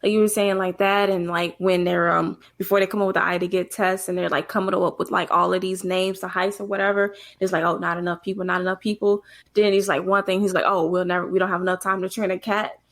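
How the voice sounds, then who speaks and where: A woman's voice: fairly low pitch, level tone, fast talker, few pauses. A woman co-hosting a podcast who gives frank opinions and retells movie scenes. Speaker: podcast co-host. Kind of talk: casual movie chat.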